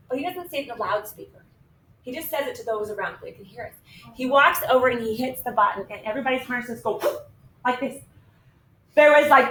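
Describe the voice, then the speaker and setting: Woman, middle-aged, math teacher, chatty and lively, high voice, distant mic. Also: fast talker, a little hiss or hum. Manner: chatty, lively, often checks in with 'okay?'. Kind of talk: animated classroom storytelling and teaching. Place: classroom. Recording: echoey classroom recorded from a distance.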